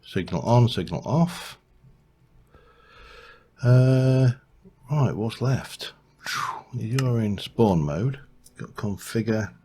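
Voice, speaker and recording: A man's voice: mid-range voice, animated, drawn-out words, long pauses, warm tone, a little hiss or hum. A man thinking aloud as he narrates his building game, rambling and humming to himself as he works. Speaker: let's play host. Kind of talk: gameplay commentary.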